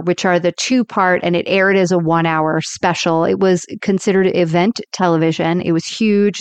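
Woman cohost retelling tv episodes, smooth voice, super dry close sound. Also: fairly low pitch, no room sound. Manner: animated retelling with acted-out quotes. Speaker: podcast co-host. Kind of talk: casual chat recapping TV episodes.

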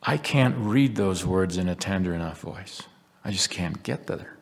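A man's voice: low-pitched, expressive, a little slow. A man from the United States giving an earnest, reflective devotional talk in a large hall. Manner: reflective, earnest storytelling with scripture readings. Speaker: religious speaker.

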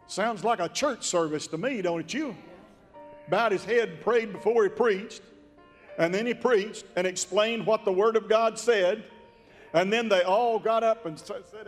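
A man preaching a sermon in a folksy, drawn-out, emphatic way. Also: sits high, in a large hall. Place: church sanctuary.

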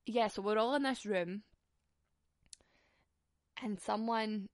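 A woman's voice: mid-range voice, takes it slowly, no echo, clean studio sound. A young Scottish woman telling stories in a casual, sweary way, laughing often. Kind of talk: casual storytelling.

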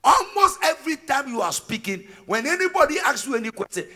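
A man preaching a sermon as pastor, emphatic and sing-song, rising to shouted peaks. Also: extremely high pitch, sing-song, fairly quick. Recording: long reverb of a large hall.

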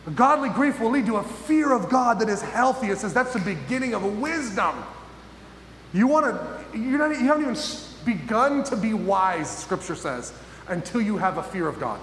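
A man preaching a sermon as pastor, emphatic and full of pauses, often asking his listeners questions. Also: sits high, lively intonation, a bit bright. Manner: emphatic, pausing, asks the audience questions. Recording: echoey hall with faint noise.

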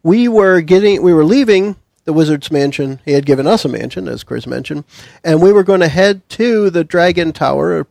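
A man's voice: a little high, expressive, normal speed, creaky, darkish tone, no room sound. A man hosting a tabletop game podcast, chatting casually and upbeat with his players, a little self-deprecating. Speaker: podcast host.

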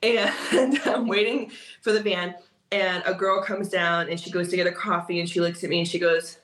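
A woman, a guest who teaches cookie decorating, telling stories casually in an interview, animated and laughing often. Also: medium pitch, moderate pace. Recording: roomy echo.

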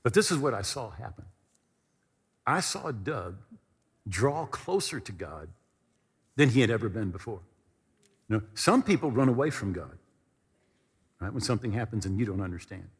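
A man preaching a storytelling sermon from a podium, animated and repetitive, moving between comic and earnest. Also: on the low side, normal speed, pauses often, slightly rough. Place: church hall at a podium. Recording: reverberant hall.

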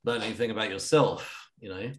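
Casting: male podcast co-host, chatty filler-heavy talker, mid-pitched, roomy echo. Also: fairly quick, a little hiss or hum. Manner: chatty, full of "like" fillers, laughs often. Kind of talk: casual chat.

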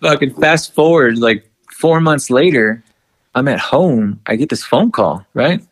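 This musician and podcast co-host speaks in a mid-range, unhurried voice with no room sound. Chatting casually, he tells a story full of swearing, delivered with animation and acted-out dialogue.

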